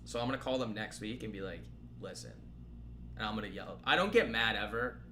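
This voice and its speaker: A young man hosts a live stream from his apartment in a loose, rambling way, joking between asides to his chat. His voice is bright and forward, and a faint hum sits under the recording. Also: fairly low pitch, a little fast. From Boston area. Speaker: trading stream host. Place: apartment room.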